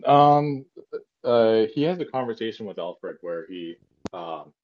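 A man's voice: fairly low pitch, lively intonation, unhurried, dull audio. A man co-hosting a casual podcast chat, rambling with many fillers and restarts. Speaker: podcast co-host.

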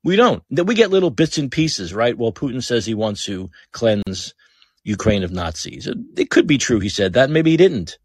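A man's voice: mid-range voice, sing-song, normal speed, husky, no room sound, clean studio sound. A man hosting a podcast, delivering blunt, heated political commentary, swearing freely and repeating phrases for emphasis. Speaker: podcast host.

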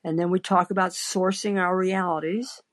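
A woman's voice: lowish voice, fairly even intonation, moderate pace. A woman hosting a call-in podcast, telling a rambling, anecdotal story full of fillers and restarts. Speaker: podcast host.

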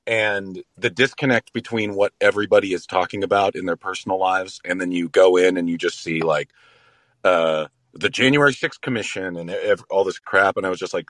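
A man calling in to a podcast, talking in a rambling, halting way with lots of fillers. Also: deep voice, a bit bright, dry recording. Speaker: caller. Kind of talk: casual chat.

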